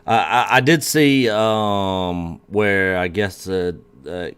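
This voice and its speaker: Slow, smooth-voiced man stammering on stream. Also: low-pitched, fairly bright tone. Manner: hesitant, stammering replies. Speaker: show co-host. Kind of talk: casual live-stream chat.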